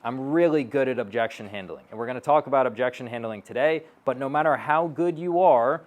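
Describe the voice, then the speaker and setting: Blunt, profane male stage speaker. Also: medium pitch. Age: 30s. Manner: blunt, profane, punchy delivery; acts out sales-call dialogue in quick asides. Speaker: sales coach speaking to an audience. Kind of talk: live stage talk. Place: stage at a live event.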